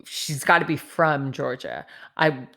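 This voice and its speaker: A woman co-hosting a podcast, asking relaxed questions about reality TV characters and laughing easily. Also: deep voice, measured pace, creaky. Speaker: podcast co-host. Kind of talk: casual reality TV recap chat.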